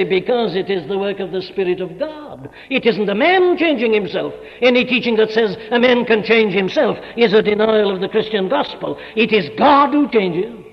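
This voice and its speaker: A man preaching a sermon, emphatic and repeating phrases for effect, recorded in a large hall. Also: sits high. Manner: emphatic, rhetorical repetition. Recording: dull echoey hall recording.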